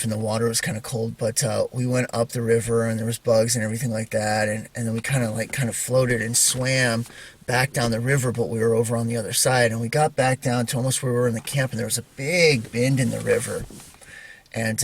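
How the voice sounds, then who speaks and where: A man telling a personal story to camera in a halting, casual way, with many fillers and restarts. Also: mid-range voice, a little hiss or hum. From Idaho. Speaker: Christian video maker.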